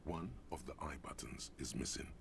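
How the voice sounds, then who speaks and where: A man voicing a deep, gravelly omniscient narrator in a video game, reading the story in a scripted way. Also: normal speed, heavily acted. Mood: measured.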